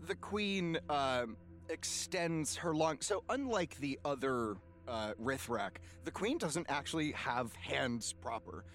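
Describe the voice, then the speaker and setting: A man's voice: medium pitch, expressive, slow pace, a bit bright. A man narrating a tabletop game as game master, hesitant, with frequent ums and laughs.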